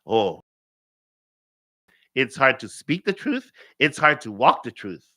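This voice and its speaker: A man's voice: medium pitch, sing-song, slow, long pauses, sharp tone, no echo. A man from Hawaii, a cultural teacher, giving a spiritual talk with stories; he repeats key phrases and acts out conversations.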